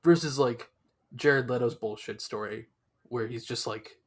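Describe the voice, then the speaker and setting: A man's voice: medium pitch, unhurried, breathy edge. A young man co-hosting a podcast in casual chat, rambling with lots of fillers and restarts. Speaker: podcast co-host.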